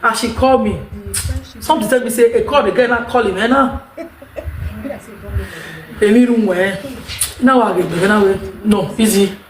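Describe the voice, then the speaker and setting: A woman's voice: medium pitch, normal speed, pauses often. Emphatic Nigerian woman in an echoey room. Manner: emphatic, rambling, repeats herself. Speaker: vlogger. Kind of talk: unscripted monologue to viewers.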